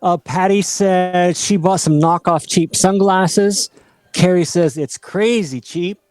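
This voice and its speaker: A man with a fairly high voice co-hosts a casual livestream, reading out viewer comments in a chatty, self-deprecating way. The sound is dry and close, with no room in it. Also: slow pace, a little mellow, no echo.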